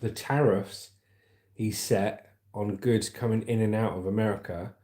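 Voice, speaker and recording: Chatty livestream host, mellow tone, echoey room. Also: male voice, fairly low pitch, fairly even intonation, unhurried. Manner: chatty, rambling, calls viewers "mate". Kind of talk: casual livestream chat and news reading.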